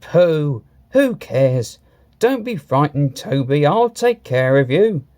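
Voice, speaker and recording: A boastful, impatient engine, as a man reads him, high and animated. He blusters and hurries his words, full of self-importance in this storybook tale. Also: slow. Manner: blustery, flustered.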